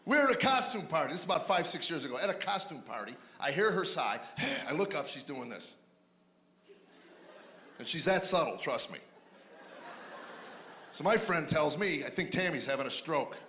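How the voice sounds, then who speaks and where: A man performs a stand-up routine in a dry, deadpan storytelling manner. His voice sits a little high for a man. It comes through a tinny, phone-like channel with a roomy echo and faint noise behind it. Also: normal speed, long pauses. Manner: deadpan storytelling with mumbling character asides. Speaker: stand-up comedian. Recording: echoey, tinny lo-fi radio replay of a live set.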